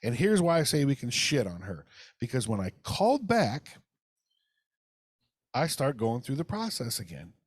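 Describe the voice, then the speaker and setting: A man's voice: mid-range voice, sing-song, moderate pace, long pauses, slightly rough, no echo, studio quality. A man co-hosting a casual podcast, telling a heated, profane story and acting out phone calls. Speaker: podcast co-host. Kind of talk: casual ranting podcast chat.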